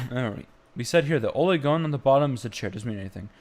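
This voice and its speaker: A young man teaching chant on a live stream, explaining slowly and breaking into short sung phrases. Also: medium pitch, animated. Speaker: music teacher.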